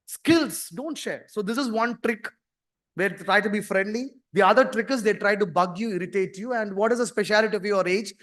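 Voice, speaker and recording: A man's voice: high-pitched, fairly bright tone. A man giving an interactive orientation talk to students, acting out scenes and questioning the audience. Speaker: orientation speaker.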